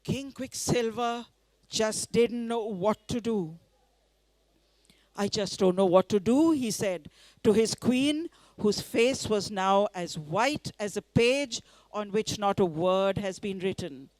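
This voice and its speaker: A woman from India, reading her story aloud in a festival tent, lively and coaxing the audience to join in. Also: mid-range voice, slow pace, no room sound. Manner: lively, coaxes the audience to join in, laughs often.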